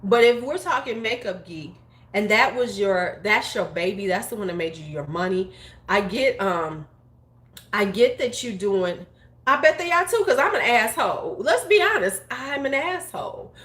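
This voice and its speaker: A woman's voice: mid-range voice, expressive, moderate pace, a bit bright. A woman in her forties, a beauty YouTuber, talking bluntly and profanely in casual opinion chat. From United States. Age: 40s. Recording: roomy echo.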